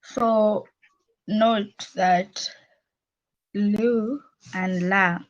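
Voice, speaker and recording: A woman's voice: mid-range voice, fairly even intonation, lo-fi sound. A woman student, hesitantly explaining a grammar point in class. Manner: hesitant, halting.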